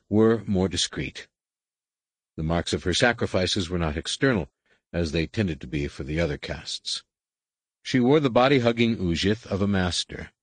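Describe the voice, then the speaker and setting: A man narrating an audiobook in a deliberate, even storytelling manner on a close microphone. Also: low voice, husky, dry recording. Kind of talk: scripted narration.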